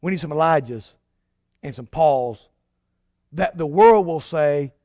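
A man preaching a sermon as pastor, emphatic, swinging from loud declarations to hushed lines. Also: on the high side, measured pace, pauses often, no echo, clean studio sound.

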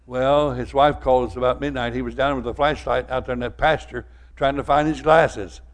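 An older man preaching a sermon, telling folksy stories and swinging from loud to soft. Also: mid-range voice, fairly even intonation, a little fast. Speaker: pastor.

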